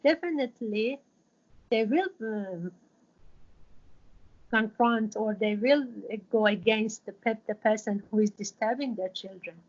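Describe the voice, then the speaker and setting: A woman's voice: a little high, a little slow, darkish tone, muffled recording. Woman, teaching a class. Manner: explains patiently with many fillers and restarts. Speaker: Quran teacher.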